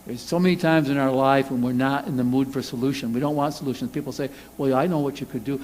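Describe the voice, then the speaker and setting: A man preaching a sermon as pastor, animated, acting out angry quotes in a loud voice. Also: mid-range voice, fast talker, few pauses. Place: church sanctuary. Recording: reverberant church hall.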